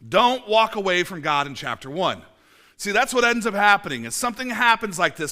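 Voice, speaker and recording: This church sermon comes from a pastor in his forties with a high, expressive voice, a sharp tone and a fairly quick pace. It's casual and conversational, marked by frequent fillers, restarts and dry jokes at his own expense.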